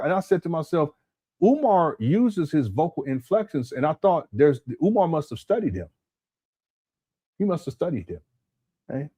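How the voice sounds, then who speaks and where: A man's voice: a little high, sing-song, moderate pace, darkish tone. Rambling man hosting a live stream. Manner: rambling, repeats words, talks to chat. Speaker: commentary channel host. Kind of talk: casual live-stream commentary. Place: hot home room.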